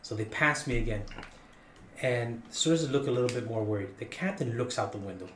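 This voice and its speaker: A man telling a long story on a podcast in a casual, animated, jokey way. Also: brisk, reverberant, noisy background. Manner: animated, jokey, rising in pitch for punchlines.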